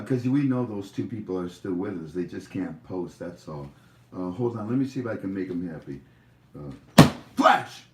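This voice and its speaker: A man's voice: on the high side, darkish tone. A man hosting a livestream, talking in a rambling, jokey way. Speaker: livestream host. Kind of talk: rambling casual commentary. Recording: echoey room, far from mic.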